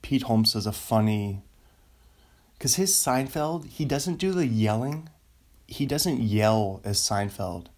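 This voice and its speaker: A man's voice: mid-range voice, expressive, slow pace, a little mellow. A man rambling in a casual solo chat, often trailing off and laughing at his own ideas. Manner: meandering, self-interrupting, laughs often.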